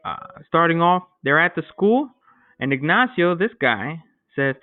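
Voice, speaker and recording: A man's voice: a little high, very animated, measured pace, no room sound. A man teaching a beginner Spanish class in a casual, joking way, explaining each step. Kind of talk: recorded remote language lesson. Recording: dry, phone-like lo-fi sound.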